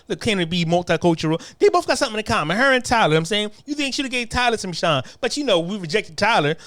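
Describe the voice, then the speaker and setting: A man's voice: high voice, a bit bright, dry recording. A man delivering a crude, heated political rant, often stammering repeated words. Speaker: political commentator.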